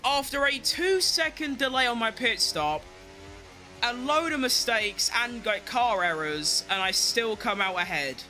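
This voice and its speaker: A young man rattles off live commentary while he races, excitable and quick to swear at rivals or plead with his car. His voice sits high and sounds very bright and sharp. Faint music plays under him. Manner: excitable, swears, talks to himself and the game. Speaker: game streamer. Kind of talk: live racing game commentary.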